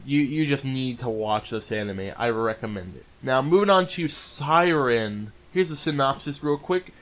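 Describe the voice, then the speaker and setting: A man's voice: mid-range voice, a bit bright. A man casually reviewing anime in an enthusiastic, rambling way, often restarting his sentences.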